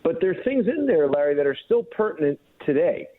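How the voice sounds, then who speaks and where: A man's voice: on the high side, sing-song, brisk. Man talking over a tinny phone line. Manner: conversational, loose, with "you know" fillers and restarts. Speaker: guest co-host. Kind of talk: conversational political talk.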